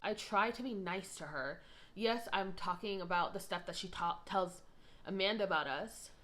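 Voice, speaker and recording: A young woman in her twenties telling a story in casual chat, rambling with frequent asides. She gets louder and higher when she is indignant. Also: moderate pace.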